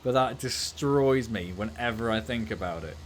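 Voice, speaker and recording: A man's voice: on the low side, moderate pace, a little hiss or hum. A man streaming a farming game and chatting casually and jokily, laughing easily. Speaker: gaming streamer. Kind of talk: casual livestream gameplay chat.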